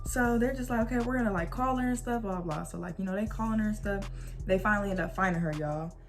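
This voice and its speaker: A woman's voice: medium pitch, fast talker, soft background music. A young woman vlogger telling a storytime in a casual, slangy way, acting out the quoted dialogue as she goes.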